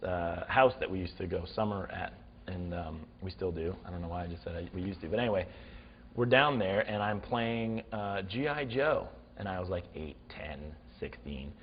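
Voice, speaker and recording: A man's voice: low voice, normal speed, muffled recording, slight background noise. A man telling a funny story as a talk show guest, acting out the scenes. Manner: animated, acts out the scenes. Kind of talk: comic storytelling.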